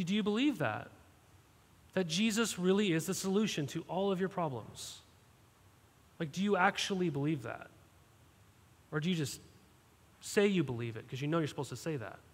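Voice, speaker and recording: A man preaching a sermon, his fairly high voice carrying through a long hall reverb. He speaks plainly and directly to the congregation, asking questions and tagging lines with "right?". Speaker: pastor. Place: church sanctuary.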